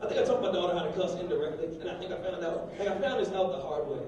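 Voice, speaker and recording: A young man doing a rambling, crude stand-up set on a comedy club stage, swinging between loud bursts and low mutters. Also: lively intonation, rapid-fire, distant mic. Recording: echoey club room heard from afar, crowd noise. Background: audience laughter.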